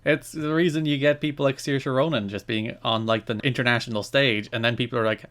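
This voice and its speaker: An Irish man co-hosts a podcast, his voice sitting at an ordinary middle pitch. He reads through news notes in a casual way and drops dry asides between them. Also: brisk, a bit bright. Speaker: podcast co-host.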